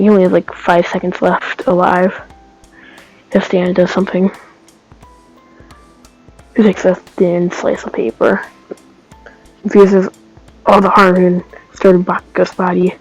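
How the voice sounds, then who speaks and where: Woman making up a fan story, gravelly voice, rambles and corrects herself, faint music behind. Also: mid-range voice, a little mellow, no room sound, low-quality recording. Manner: rambling, trailing off, self-correcting. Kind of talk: casual improvised storytelling.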